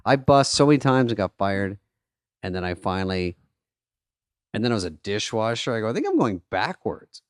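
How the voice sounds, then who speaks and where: A middle-aged man from Arizona, co-hosting a podcast in casual chat, telling animated stories with lots of swearing and acted-out voices. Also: on the low side, brisk, pauses often, clear, resonant tone, no echo. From Arizona, USA. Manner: animated storyteller, swears a lot, acts out voices. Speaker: podcast co-host.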